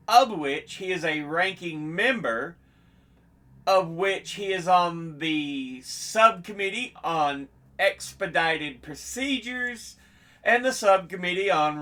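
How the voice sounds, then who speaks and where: A man hosting an informational video, reading dates and figures in a steady, measured way and sometimes restarting a phrase. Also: a little high. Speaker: host. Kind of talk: unscripted informational presentation.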